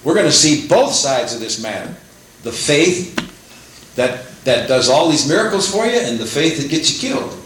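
An older man preaching a sermon in a church, animated, rising to exclaim praises, with frequent restarts. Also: on the high side, normal speed. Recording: echoey room with faint hum.

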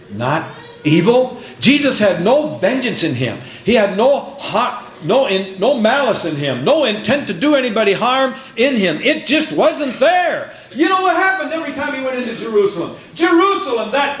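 A man preaching a sermon, swinging from hushed tones to shouted, dramatic passages. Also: very high-pitched. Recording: roomy echo with faint background noise.

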